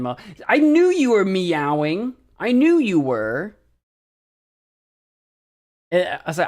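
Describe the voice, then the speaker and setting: An American man streaming, chatting casually as he practices a language app, thinking aloud and second-guessing himself. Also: a little high.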